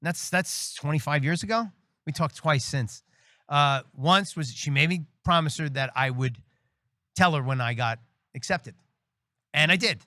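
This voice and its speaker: Middle-aged New man, a priest guest telling stories; bright, lively delivery with voices acted out, dry close sound. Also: on the high side, unhurried, no room sound. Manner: animated storyteller, acts out quoted voices, laughs often. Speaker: priest and military chaplain, guest. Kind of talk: casual storytelling interview.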